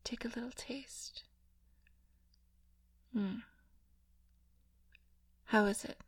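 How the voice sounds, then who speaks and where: Breathy woman in whispered role-play. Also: a little high, fairly even intonation. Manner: slow, intimate, coaxing, with soft laughs. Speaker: audio role-play performer.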